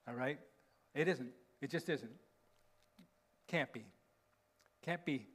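A man's voice: medium pitch, slow, fairly bright tone. A man preaching a sermon as a pastor, often asking his listeners questions and checking in with them. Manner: asks the congregation rhetorical questions, tags lines with "right?".

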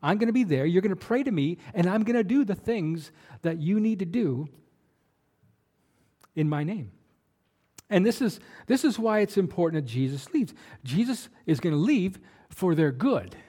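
A man's voice: sits high, lively intonation, moderate pace, warm tone, husky. A man preaching a sermon as a pastor, in a conversational way with many fillers and restarts.

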